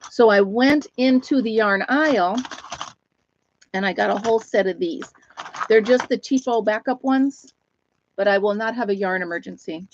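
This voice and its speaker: A woman's voice: medium pitch, dull audio. A chatty woman hosting a casual live stream, telling stories and greeting viewers by name as she goes. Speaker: host of a live chat stream.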